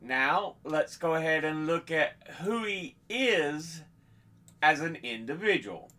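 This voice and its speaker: A man hosting an informational video, reading dates and figures in a steady, measured way and sometimes restarting a phrase. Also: fairly high pitch. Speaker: host. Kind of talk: unscripted informational presentation.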